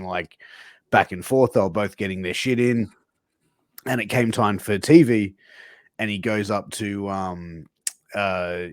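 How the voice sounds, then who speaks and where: A man's voice: deep voice, no room sound, studio quality. A man hosting a casual podcast, chatting loosely with fillers and reading sponsor spots. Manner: relaxed, filler-heavy, says guys and dude. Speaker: podcast host.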